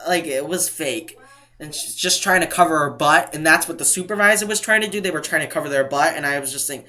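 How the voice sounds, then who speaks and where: Young New England vlogger, animated and indignant, with a bright, forceful delivery. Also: male voice, fairly high pitch, brisk. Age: young adult. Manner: animated, indignant retelling, acts out quotes. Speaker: couponing vlogger. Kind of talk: casual storytime vlog.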